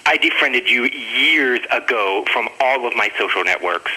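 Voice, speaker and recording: A man's voice: mid-range voice, animated, unhurried, pushed and bright, slightly rough, exaggerated voice, low-quality recording. An actor playing an awkward male radio caller who speaks in a whiny, defensive, rambling way.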